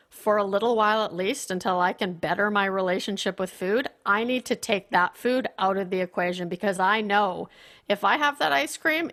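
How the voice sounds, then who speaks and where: A woman guest on a podcast, talking candidly and telling her story in an animated, casual way. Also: mid-range voice. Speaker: podcast guest, performance consultant.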